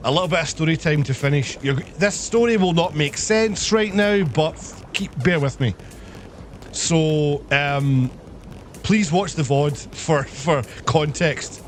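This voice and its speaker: A man's voice: a little high, a little slow, a little hiss or hum. Profane man telling a story. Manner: profane, animated, acts out the people in his story. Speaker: livestreamer. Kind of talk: casual storytelling on a live stream.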